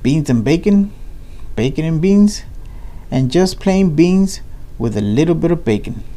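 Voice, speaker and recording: A man's voice: fairly high pitch, lively intonation, a little slow, dark tone, pitched above the performer's own voice. Man doing a blunt drawling cowboy. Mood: hearty. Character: folksy blunt male cowboy.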